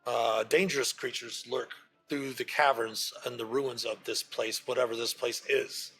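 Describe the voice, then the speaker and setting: A man voicing a strange underground creature that gives a friendly warning in a halting, low tone. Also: fairly even intonation, bright, forceful tone, breathy edge, soft background music.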